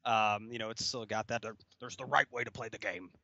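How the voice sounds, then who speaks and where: A man's voice: lowish voice, fairly even intonation, a little fast, vocal fry, pushed and bright, dull audio. A man hosting a podcast in casual chat, rambling and laughing often. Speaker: podcast host.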